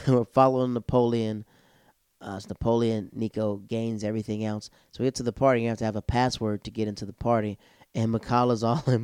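A young man comedian telling a rambling, animated story and reviewing a show in a casual chat. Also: medium pitch, clear, resonant tone, dry recording, studio quality. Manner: rambling, animated, acts out quotes. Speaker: comedian vlogger.

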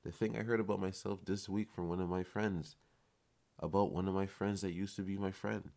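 Deep-voiced man giving a casual motivational talk. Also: flat delivery, fairly quick, vocal fry, a little mellow. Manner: casual, emphatic, swears freely. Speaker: podcast host. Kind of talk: motivational monologue.

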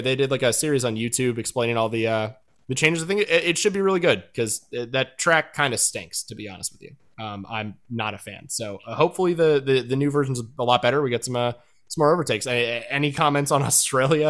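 A man's voice: medium pitch, fairly bright tone. A man hosting a podcast in casual chat, rambling with lots of fillers and restarts. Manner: rambling, filler-heavy, self-correcting. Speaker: podcast host.

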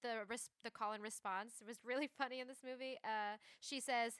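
A woman's voice: a little high, steady tone, fairly quick, a bit bright, smooth, no echo, clean studio sound. A young woman co-hosting a podcast, playful and laughing, quoting lines with exaggerated voices. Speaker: podcast co-host. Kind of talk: casual chat.

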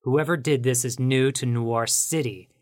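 A man's voice: mid-range voice, measured pace, natural voice. A man voicing a wry hardboiled noir detective. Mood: dry. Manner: wry, deadpan hardboiled narration. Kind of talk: noir audio drama narration.

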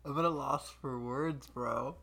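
A man's voice: medium pitch, fairly even intonation, a little slow, creaky, pushed and bright, slightly rough. A man co-hosting a podcast, reacting with short interjections in casual chat. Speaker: podcast co-host.

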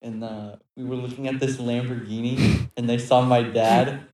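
A man's voice: mid-range voice, level tone, moderate pace, a little mellow. A young man co-hosting a casual podcast, rambling with lots of fillers and frequent laughs, recorded on a cheap mic. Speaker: podcast co-host. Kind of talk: casual chat. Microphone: cheap microphone. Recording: echoey large room.

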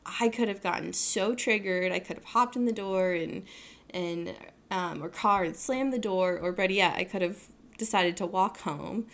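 A woman's voice: medium pitch, normal speed, a bit bright. A young adult woman hosting her own podcast, talking casually in a rambling way, full of fillers and self-corrections. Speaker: podcast host. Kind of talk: casual solo podcast talk.

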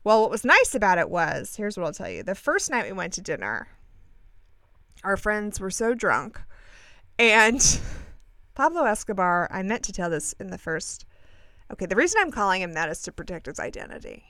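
A young woman rambles through a story for her listeners, full of fillers, asides and self-corrections. Her voice is smooth and clear, with lively jumps in pitch. The recording is dry and close. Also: moderate pace, dry recording. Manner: chatty, animated, acts out quoted dialogue, frequent fillers and self-corrections.

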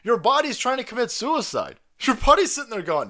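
A man hosting a livestream, ranting in a profane, sarcastic, mocking way with sudden loud outbursts. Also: very high-pitched, wildly swooping pitch, fairly quick. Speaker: livestream commentator. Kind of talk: profane political rant.

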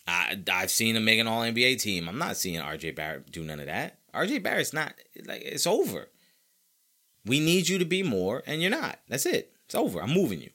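A man's voice: mid-range voice, brisk. A man hosting a sports podcast, talking casually and emphatically, repeating himself as he argues his opinions. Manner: emphatic, animated and opinionated, with frequent repetition. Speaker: podcast host.

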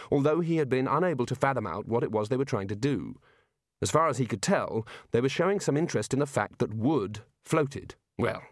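A male audiobook narrator reads a novel aloud from a script, telling the story in an even, measured way. His voice is mid-range, and the clean studio recording has no room sound.

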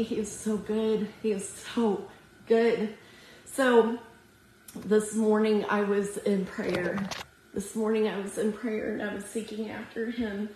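A women's ministry speaker delivers an earnest, emotional devotional sermon to women, reading scripture aloud through tears at a slow, prayerful pace. Her voice is a little high with a darkish tone. The room is echoey, with a faint hiss or hum.

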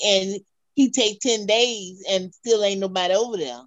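A woman's voice: medium pitch, normal speed, dry recording, highs cut off. A woman host, setting up a question for her guests with a long example. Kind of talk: casual chat.

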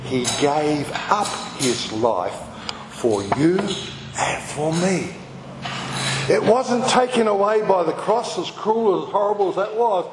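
A man's voice: high-pitched, lively intonation, slow, a loud crowd. A man, a pastor who preaches an impassioned sermon, repeating phrases for emphasis. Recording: echoey hall with background noise.

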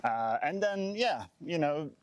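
A man's voice: a little high, expressive, takes it slowly. A man hosting a casual chat while walking outdoors on a campus, easygoing and curious, often repeating words like "cool, cool". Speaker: podcast host.

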